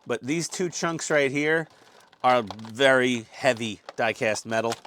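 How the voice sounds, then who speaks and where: A man with a middle-pitched voice hosts a relaxed model-kit build, cracking jokes and rambling as he unpacks parts. He talks into a lapel mic, teasing himself along the way. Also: slow pace, a little hiss or hum. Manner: jokey, self-mocking, rambling. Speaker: host. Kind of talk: casual hobby build vlog.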